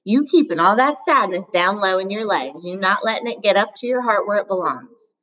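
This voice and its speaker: A woman's voice: mid-range voice, expressive, fairly quick, a bit bright, voice pushed up, poor audio. A woman voicing a stern, tall motel cleaner who talks bluntly and scolds. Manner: blunt, scolding, plain-spoken.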